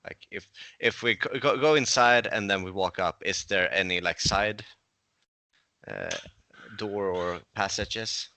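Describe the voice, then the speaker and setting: A man's voice: lowish voice, expressive, a little slow, bright, forceful tone. A man asking hesitant questions during a tabletop game, with many fillers. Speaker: player. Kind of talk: casual play at a game table.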